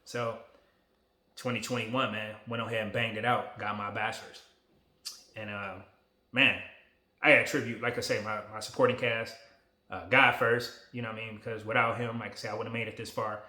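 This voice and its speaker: A man in his forties talking casually to a phone camera, relaxed, emotional and motivational. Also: lowish voice, a little fast, reverberant. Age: 40s. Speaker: vlogger.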